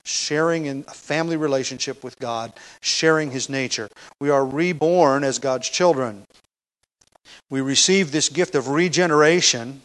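A man's voice: mid-range voice, moderate pace, fairly bright tone, rough recording. A middle-aged man teaching an expository sermon on a Bible passage, talking conversationally and leaning hard on key phrases. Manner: conversational teaching, stresses key phrases, frequent fillers and restarts.

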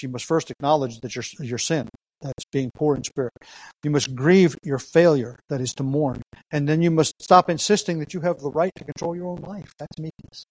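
Male preacher, fairly high voice, earnest teaching tone, emphatic repeats, dry sound. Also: no room sound, rough recording. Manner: earnest teaching with frequent rhetorical questions and emphatic repetition; reads scripture aloud. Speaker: pastor. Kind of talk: sermon.

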